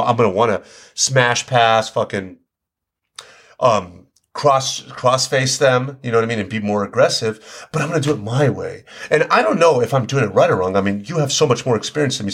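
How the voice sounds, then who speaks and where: Gravelly, husky man chatting. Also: medium pitch. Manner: animated, trails off, restarts. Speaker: podcast guest. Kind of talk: casual chat. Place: studio.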